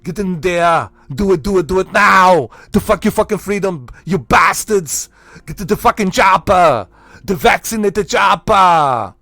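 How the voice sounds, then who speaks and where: A man doing a shouting action-movie hero. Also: sits high, lively intonation, measured pace, no room sound, voice pushed up, exaggerated voice. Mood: barking. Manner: shouted, thick accented commands. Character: gruff muscle-bound action hero barking orders.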